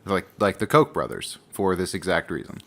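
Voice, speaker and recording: A man's voice: low-pitched, expressive, normal speed, fairly bright tone. A man co-hosting a podcast, explaining things at length in casual political chat. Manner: explains at length, hesitant fillers. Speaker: podcast co-host.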